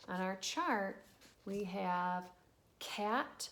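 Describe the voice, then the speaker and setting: A woman's voice: mid-range voice, flat delivery, gravelly. Patient woman teaching phonics to children. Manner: slow, patient, encouraging, sounding out letters. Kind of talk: early phonics lesson for young children.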